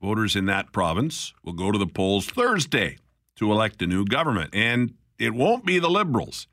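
Lively, bright-voiced male radio host. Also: on the low side, no echo, clean studio sound. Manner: lively, chatty, quick to laugh. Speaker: radio talk show host. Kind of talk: talk radio hosting. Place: radio studio.

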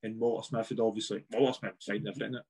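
A man's voice: fairly low pitch, little pitch movement, rapid-fire, darkish tone, husky. A man with a Scottish accent, a former footballer, telling stories in a casual podcast chat, swearing freely and laughing as he goes.

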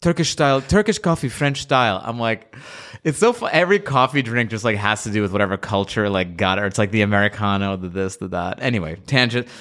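A man's voice: lowish voice, quick pace. Profane, ranting male podcast host. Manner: profane, animated ranting with voiced impressions. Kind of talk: casual chat.

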